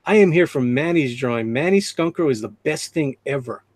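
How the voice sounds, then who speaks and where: A man's voice: medium pitch, lively intonation, normal speed, darkish tone, no room sound. A middle-aged man hosting a live drawing stream, reading chat aloud and laughing often. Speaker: livestream host. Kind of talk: casual livestream chat.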